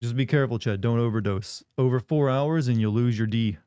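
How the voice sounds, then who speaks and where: A man's voice: medium pitch, fairly quick, dark tone, clean tone, no echo. A man hosting a live stream, joking and rambling in casual banter with his chat on a close desk mic. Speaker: livestream host.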